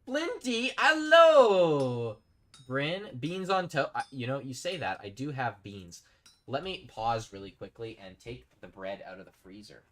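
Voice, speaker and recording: A man's voice: on the low side, expressive, normal speed, a bit bright. A man chatting casually while live-streaming a game, rambling and reading out his chat. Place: home streaming setup.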